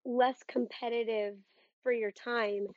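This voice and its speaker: A woman in her thirties, co-hosting a podcast, talking in a husky voice with earnest, rambling asides in casual chat. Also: on the high side, flat delivery, takes it slowly, dry recording. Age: 30s. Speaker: podcast co-host. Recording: dull, dry lo-fi podcast audio.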